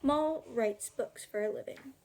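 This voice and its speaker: Speaking unhurriedly in a fairly high, creaky, slightly mellow voice, an amateur audiobook reader works through a children's book. Her reading is relaxed, broken now and then by a chuckle or a remark.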